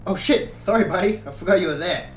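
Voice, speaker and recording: A man's voice: sits high, fast talker, pitched above the performer's own voice, close to an everyday voice. A man voicing a cocky, sarcastic male biker vampire hunter in a mocking, taunting manner. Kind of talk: audiobook character reading. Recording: echoey room, faint guitar music.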